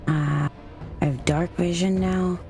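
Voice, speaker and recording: A woman's voice: on the low side, fairly even intonation, slow, mellow, faint music behind. A woman playing a tabletop game, chatting casually and sounding unsure as she searches her notes and trails off mid-thought.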